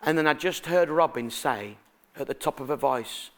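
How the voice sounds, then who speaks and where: Preaching a sermon at a moderate pace, a middle-aged man speaks in a slightly high voice. His delivery is chatty and animated as he shares family stories and questions the congregation.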